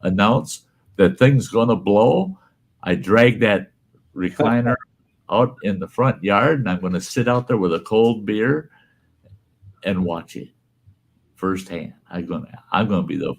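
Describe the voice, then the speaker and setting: Gravelly low-voiced man telling a story. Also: measured pace. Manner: animated storyteller, laughs through lines, quotes others in a raised voice. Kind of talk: casual storytelling chat.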